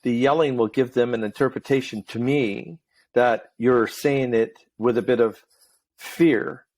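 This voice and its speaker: A middle-aged man hosting a podcast, telling stories in talkative, animated casual chat. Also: medium pitch, unhurried. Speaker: podcast host.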